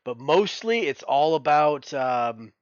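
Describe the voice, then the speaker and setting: A man's voice: on the high side, expressive, takes it slowly, smooth, no echo, highs cut off. Laid-back cursing man on a podcast. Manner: laid-back, swears freely, calls people "dude". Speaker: podcast co-host. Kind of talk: casual podcast chat.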